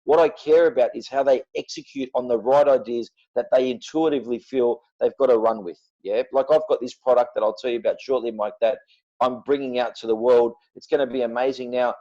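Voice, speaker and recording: A man speaking as a podcast guest, blunt and forceful, cursing freely as he makes his points. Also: mid-range voice, steady tone, fairly quick, muffled recording. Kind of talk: passionate podcast talk.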